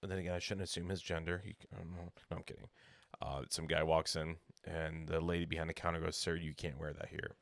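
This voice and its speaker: A young man tells a rambling, jokey story in casual podcast banter. His voice sits low and gravelly. The sound is dry and close. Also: little pitch movement, fast talker, no echo. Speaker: podcast co-host.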